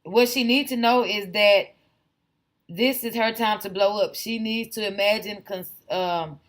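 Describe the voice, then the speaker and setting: Bright, sharp-voiced woman ranting on a livestream. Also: medium pitch. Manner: rambling, tangent-prone, blunt; talks to her chat viewers directly. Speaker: livestream host. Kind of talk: casual livestream commentary.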